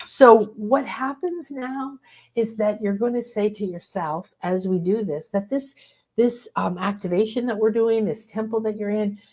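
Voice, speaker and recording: A woman with a voice of ordinary pitch hosts a spiritual workshop. She teaches in a casual, lively way and brings real enthusiasm to what she says. Now and then she acts out little voices. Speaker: host leading a spiritual workshop.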